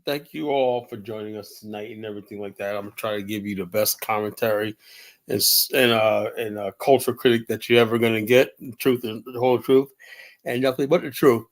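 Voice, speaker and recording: A man's voice: lowish voice, fairly even intonation, brisk. A man hosting his own commentary show, talking in a rambling, mocking and combative way, tired and stumbling over fillers and restarts. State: tired, yawning. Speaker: radio show host.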